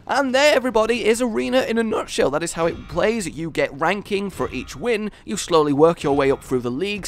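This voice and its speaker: Young male gaming host, lively pitch, excitable play-by-play with gleeful shouts. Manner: animated, with loud triumphant outbursts. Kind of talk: excited gameplay commentary.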